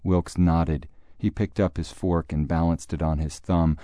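A man's voice: low voice, flat delivery, measured pace, mellow, no room sound. A man narrating a story in a dry, wry manner. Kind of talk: audiobook narration.

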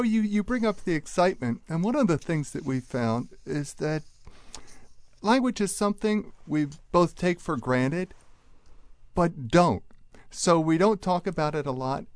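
Animated man explaining on radio, dry studio. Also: fairly high pitch, no echo. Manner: animated, explaining with quick restarts. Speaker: linguist guest on a radio call-in show.

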